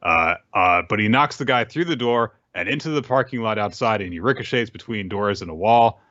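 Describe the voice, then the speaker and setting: Man, low bright voice, casual halting recap, lo-fi dry recording. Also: expressive, no room sound. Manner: halting, many fillers and restarts. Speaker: podcast co-host.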